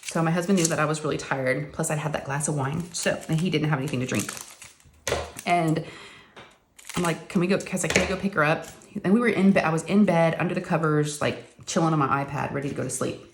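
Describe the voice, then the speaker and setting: A woman's voice: low voice, fast talker, noisy background. A woman, chatting casually to her viewers in a rambling story told with lots of fillers. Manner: rambling, addresses viewers as y'all, uses many fillers. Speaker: crafting channel host.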